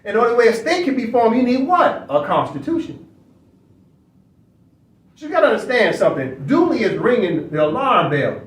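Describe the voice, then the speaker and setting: High-pitched man lecturing from across an echoey room. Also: sing-song, moderate pace, long pauses. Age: adult. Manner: preachy, repetitive, rhetorical questions. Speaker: online study session host. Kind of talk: casual commentary lecture. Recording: echoey room, far from mic.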